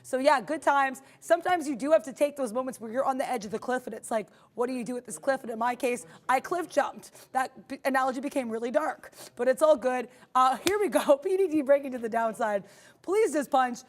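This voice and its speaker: A woman's voice: sits high, a little fast. A woman co-hosting a live trading stream, upbeat and chatty, often laughing as she talks through her trades. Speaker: day trader co-host.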